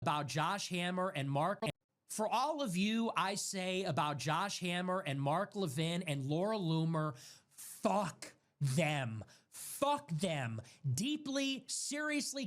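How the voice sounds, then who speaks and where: A man's voice: sits high, fairly bright tone. A young man delivering a heated political monologue as a streamer, emphatic and contemptuous, repeating phrases for stress.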